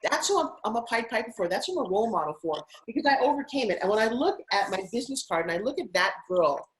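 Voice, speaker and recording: Woman from Long Island, middle-aged, energetic interview guest, effusive storyteller. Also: on the high side, fast talker, poor audio. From Long Island, New York. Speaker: guest, TV host and fitness spokesperson. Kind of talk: interview conversation.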